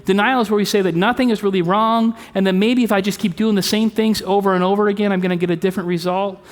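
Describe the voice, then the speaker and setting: Pastor, male, fairly high voice, easy conversational preaching, long sanctuary reverb. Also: steady tone, fast talker. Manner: conversational preaching with rhetorical questions. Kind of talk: sermon. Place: church sanctuary.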